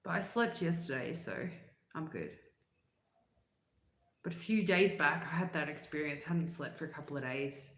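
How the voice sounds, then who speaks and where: A woman's voice: deep voice, animated, normal speed, pauses often, fairly bright tone. A middle-aged woman, chatting casually on a livestream in a rambling way, laughing often and dropping slang. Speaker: livestream host. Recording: roomy echo.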